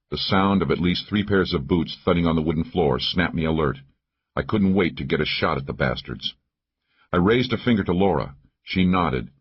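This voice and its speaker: A man narrating a first-person thriller audiobook in a steady, measured way. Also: sits low, breathy edge, dull audio.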